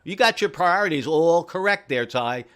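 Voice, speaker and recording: A man running an amateur radio station from home, friendly and repeating call signs slowly and carefully. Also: fairly high pitch, expressive, a bit bright, clean tone. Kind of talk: on-air radio contacts, reading call signs.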